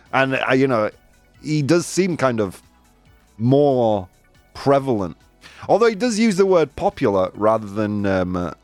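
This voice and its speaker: A man's voice: medium pitch, no room sound. A man hosting a casual news chat show, chatty and jokey, laughing often and making asides. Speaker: host.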